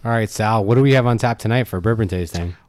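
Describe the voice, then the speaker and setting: A man's voice: lowish voice, quick pace, a little mellow, no echo. A man co-hosting a casual podcast, joking and swearing casually. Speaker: podcast co-host.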